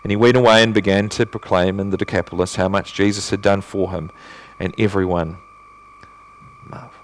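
A male pastor preaching a sermon in earnest, asking rhetorical questions and swinging between emphatic and hushed delivery. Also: low-pitched, steady tone, brisk.

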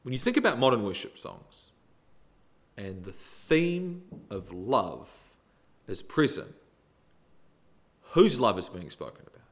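Lively, emphatic man preaching a sermon. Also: medium pitch, slow pace, long pauses. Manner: expressive, emphatic preaching with sudden rises and drops in loudness.

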